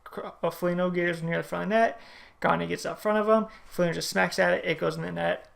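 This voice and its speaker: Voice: mid-range voice, fairly even intonation, quick pace, gravelly, fairly bright tone. A hockey fan casually recapping a game in a vlog, retelling the plays one by one with strong opinions. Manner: play-by-play retelling, opinionated and chatty.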